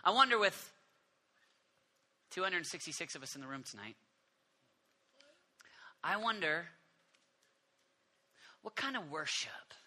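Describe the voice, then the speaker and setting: A man preaching a sermon to a congregation in a church, animated and emphatic, building his points through repetition. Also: fairly high pitch. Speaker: pastor.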